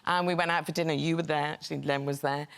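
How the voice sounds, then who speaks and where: A man's voice: fairly high pitch, fairly even intonation, quick pace, vocal fry, fairly bright tone, clean tone. A man, a chat show guest, telling a story jovially, laughing as he goes.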